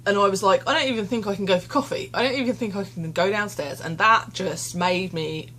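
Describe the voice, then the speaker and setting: A woman's voice: medium pitch, brisk, a bit bright, a little hiss or hum. A young woman vlogging candidly into her phone, rambling and self-deprecating, tearful and shaken. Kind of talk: candid confessional vlog. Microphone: phone camera.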